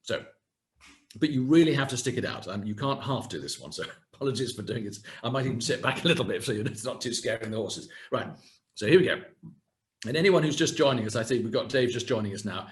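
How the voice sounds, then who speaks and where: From a home setting in the UK, a communication coach in his sixties runs a live online workshop over a video call, demonstrating exercises with animated, self-deprecating energy. His mid-range voice comes fast, captured through the webcam mic.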